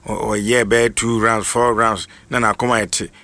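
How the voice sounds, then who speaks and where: A man's voice: fairly low pitch, little pitch movement, bright, forceful tone. A man presenting radio news informally, often stuttering and restarting his words, with music playing underneath. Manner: halting, frequent stutters and restarts.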